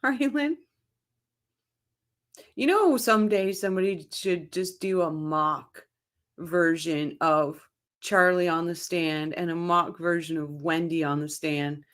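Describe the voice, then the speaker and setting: Her voice is lowish and a bit bright, and she speaks slowly. She's a Canadian woman from Ontario running a casual livestream, reading out viewer chat, addressing people by name and laughing a lot.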